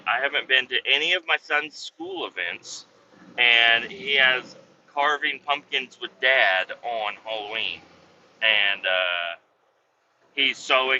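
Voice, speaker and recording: A man's voice: mid-range voice, pushed and bright. A man hosting a podcast, telling a story casually and profanely, acting out everyone he quotes in his own voice. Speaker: podcast host. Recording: slightly dull, faint road noise.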